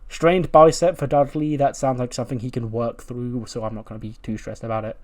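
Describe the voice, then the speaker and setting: A man narrating his wrestling management game run in a loose, chatty way. His pitch sits in an ordinary middle range. He keeps correcting himself and chuckles at his own jokes. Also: fairly even intonation, a little fast. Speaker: game commentator. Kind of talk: casual narration of a wrestling sim playthrough.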